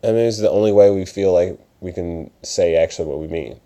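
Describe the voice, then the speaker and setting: A young man with a low voice talks on his own late at night. His tone is mellow and dark. He rambles from topic to topic, drifts off on tangents and drops into quick mock voices. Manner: rambling, self-distracted, slips into mock voices. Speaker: podcast host and open mic organizer. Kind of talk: casual solo talk. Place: upstairs room in his parents' house at night.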